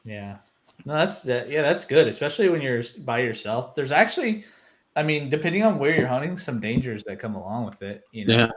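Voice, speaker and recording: A man hosting a casual live chat show. He talks at a middle pitch in a loose, rambling way. He laughs easily between questions. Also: fairly quick. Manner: relaxed, rambling, laughs often. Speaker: host.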